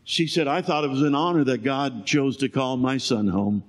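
An older man preaching a sermon, moving between shouted lines and quiet storytelling. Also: mid-range voice, normal speed. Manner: swings from shouting to hushed storytelling. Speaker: pastor.

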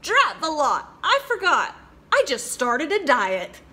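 A woman's voice: on the high side, sing-song, measured pace, pushed and bright, heavily acted. A woman voicing a fussy young male frog who is a picky eater, in a theatrical, sing-song, raised voice for a storybook. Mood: disgusted.

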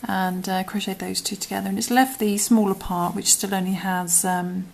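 This UK woman hosting a crochet tutorial speaks at normal speed in a medium-pitched, slightly mellow voice with vocal fry and little pitch movement. She's chatty about each step, often slipping into murmurs and whispers as she works.

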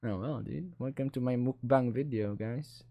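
A man giving casual, excitable let's-play commentary, swearing freely and switching languages. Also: mid-range voice, normal speed, creaky, no room sound. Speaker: gaming streamer.

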